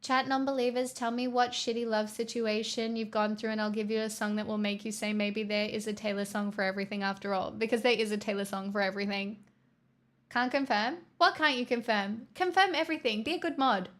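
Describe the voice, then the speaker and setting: A woman's voice: medium pitch, fairly even intonation, brisk. A woman from the southeastern US hosting a livestream, chatting casually and teasing her viewers as she reads the chat. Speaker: livestream host.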